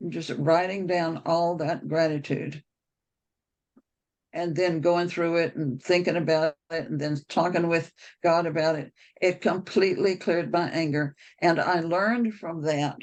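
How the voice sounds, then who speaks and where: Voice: mid-range voice, poor audio. A speaker on a members' video call, telling a personal story in a rambling, anecdotal way with frequent restarts.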